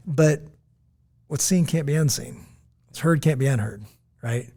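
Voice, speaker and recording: An American man co-hosting a podcast, chatting casually and telling stories, acting out quotes in lively voices. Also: a little high, moderate pace, pauses often. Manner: animated storytelling, quotes others in lively voices. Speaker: podcast co-host. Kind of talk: casual chat.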